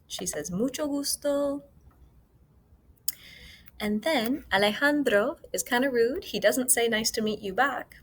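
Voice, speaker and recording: A woman teacher explaining a Spanish worksheet step by step in a recorded screencast, slowing down to model each Spanish phrase. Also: on the high side, a little hiss or hum. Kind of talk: recorded class walkthrough. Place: school. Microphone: computer mic for a screencast.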